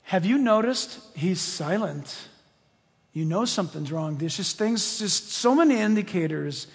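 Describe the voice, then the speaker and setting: Male pastor, very high voice, husky, sermon in a church, long reverb. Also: a little slow. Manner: animated, swings from loud to hushed.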